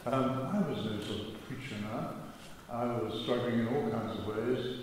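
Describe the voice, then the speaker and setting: A man's voice: mid-range voice, a little hiss or hum. Older man telling a story in an echoey church. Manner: wry, self-mocking, measured. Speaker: speaker giving a testimony talk. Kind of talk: storytelling talk.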